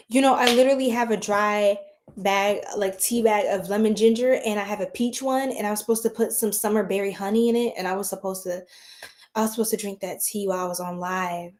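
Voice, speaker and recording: A woman's voice: mid-range voice, a little mellow. Giggly tired woman livestreaming tarot. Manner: giggly, chatty, scattered and tired. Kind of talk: late-night livestream chat with viewers.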